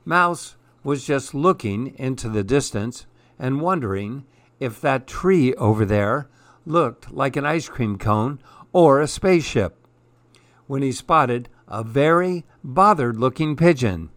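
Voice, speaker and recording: A man reading a children's picture book aloud in a calm, measured storytelling way. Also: mid-range voice, no room sound.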